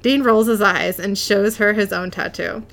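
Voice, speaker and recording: A woman's voice: medium pitch, fairly even intonation, normal speed, vocal fry, fairly bright tone. A woman co-hosting a casual chat, recapping an episode and reading out lines of dialogue with frequent giggles. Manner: giggly, reads out dialogue in narration.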